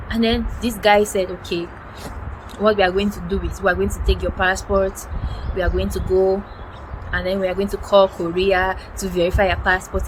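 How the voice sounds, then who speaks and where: A young woman from Cameroon tells a story to camera in a lively, exclamatory way and acts out the lines of the people in it. Her voice sits at an ordinary middle pitch. Steady background noise runs under the recording. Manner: animated, exclamatory retelling with quoted dialogue. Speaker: vlogger. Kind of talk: storytelling vlog.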